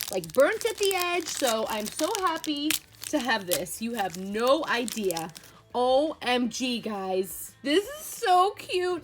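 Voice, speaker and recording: A woman's voice: sits high, slight background noise. A young woman hosting a toy unboxing, gushing and gasping with delight as she talks casually to her viewers. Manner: gushing, excitable, gasps and squeals of delight.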